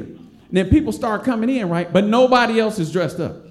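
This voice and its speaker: A man from Detroit in his forties tells a funny personal story on stage. His voice sits high and swings widely as he jumps between characters, laughing along the way. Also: brisk, roomy sound. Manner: animated, laughs often, acts out other people's voices. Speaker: storyteller, stand-up comic.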